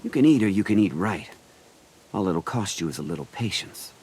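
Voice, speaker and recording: Teasing teen camp cook for a game, bouncy, slightly husky. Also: male voice, deep voice, sing-song, a little fast, a little mellow, exaggerated voice. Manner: teasing, playful. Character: teenage boy camp cook, cocky and teasing. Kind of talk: video game voice acting.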